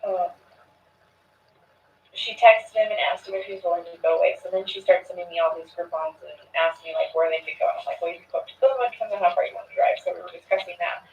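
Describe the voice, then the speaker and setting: A woman's voice: fairly low pitch, quick pace, vocal fry, darkish tone, a little hiss or hum. A woman recounting events to an interviewer in a loose, chatty way, retelling her text exchanges with lots of "I was like" and "she's like.". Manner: loose and chatty, with fillers and restarts. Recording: distant, echoey, dull archive recording.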